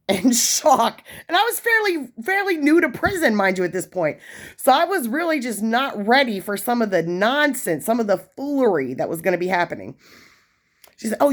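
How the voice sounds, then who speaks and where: A woman in her forties telling a story in a chatty, casual way, with lots of fillers and asides. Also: a little high. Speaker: vlogger sharing prison experiences.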